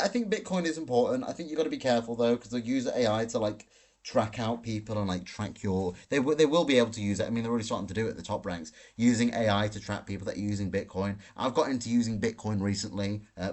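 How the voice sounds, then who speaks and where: Man, live Q&A host, blunt and swearing, rants at chat, lowish voice, hotel room. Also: darkish tone. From Britain. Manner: brash, profane ranting. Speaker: livestream host. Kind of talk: live Q&A, answering chat questions.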